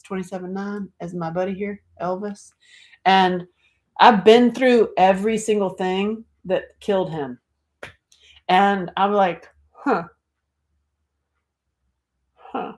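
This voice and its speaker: A woman's voice: mid-range voice, steady tone, unhurried, a little mellow. A middle-aged woman hosting a casual livestream, talking animatedly, swearing freely and reading out viewer comments. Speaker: livestream host.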